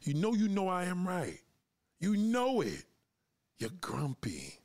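A man's voice: high voice, huge pitch swings, slow pace, a little mellow. Fired-up, cursing man on a podcast. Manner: confrontational, profane, lecturing; asks listeners to push back. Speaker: podcast host. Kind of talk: livestream podcast rant.

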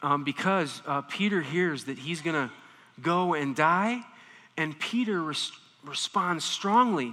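A man preaching a sermon, animated, swinging between quiet explanation and intense emphasis. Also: high voice, a little slow. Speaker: pastor. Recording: reverberant hall.

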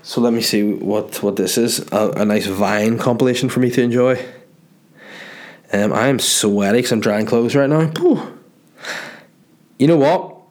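A man's voice: mid-range voice, moderate pace, long pauses, a little mellow. A young man with a Northern Irish accent, a comedian chatting loosely and jokingly as he reads out viewer messages. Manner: loose and jokey, swearing, reads messages aloud. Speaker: comedian answering viewer questions. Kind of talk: casual chat.

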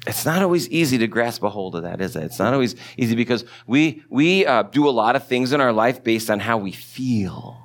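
A man preaching a sermon as pastor, talking in a relaxed conversational way and putting questions to his listeners. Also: mid-range voice, moderate pace, hardly any pauses. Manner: conversational, asks the congregation questions.

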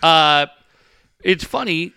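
Radio co-host, man, slightly high voice, profane rants and ad reads. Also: expressive, slow, vocal fry, clear, resonant tone, no echo, clean studio sound. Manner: crude, bursts into shouting rants. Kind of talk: profane comedic banter with live ad reads.

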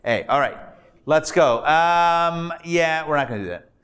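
A man, a rabbi, teaching a live Hebrew reading class, sounding out syllables slowly and patiently checking that his students follow. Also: on the high side, lively intonation, fairly bright tone, clean tone. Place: classroom before a live audience.

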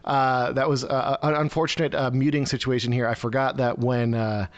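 A man's voice: medium pitch, level tone, moderate pace. A man hosting a live stream over a video call, giving rambling, sarcastic news commentary full of fillers and restarts.

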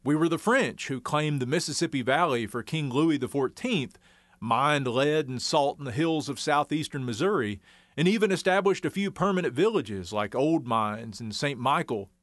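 A man's voice: fairly high pitch, moderate pace, a bit bright, no echo. Folksy man. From Arkansas Ozarks. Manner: wry, folksy storytelling. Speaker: narrator. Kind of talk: scripted documentary narration.

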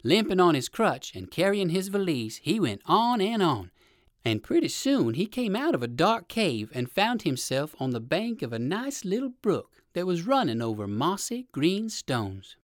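Expressive male storybook narrator. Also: sits high, moderate pace, no room sound, studio quality. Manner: gentle, expressive read-aloud.

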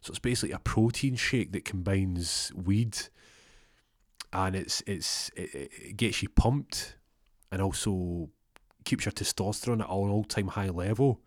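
Man, comic storyteller, rambling and sweary, low voice, dry close sound. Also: measured pace, no room sound. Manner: rambling, sweary, stumbling restarts.

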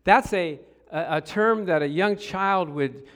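A middle-aged man delivers a sermon in a lively storytelling manner. He drops to quiet asides, then bursts into loud exclamations and calls out to the congregation for an answer. His voice sits a little higher than most men's. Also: a little slow. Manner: animated storytelling, swings from hushed to loud exclamations; asks the congregation for responses. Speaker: pastor.

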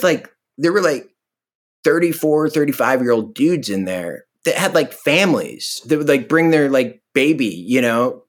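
A man from Virginia chatting casually as a podcast co-host, telling stories with acted-out quotes and swearing. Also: mid-range voice. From Virginia, USA. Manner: animated storyteller, acts out quoted voices, swears. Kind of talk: casual chat.

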